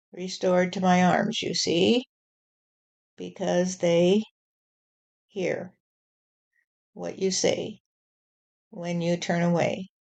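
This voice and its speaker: A woman channeling God as a stern male deity warning humanity, speaking in a slow, measured way and often repeating "you see". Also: lowish voice, vocal fry, darkish tone. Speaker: spirit channeler. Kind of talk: channeled spirit message.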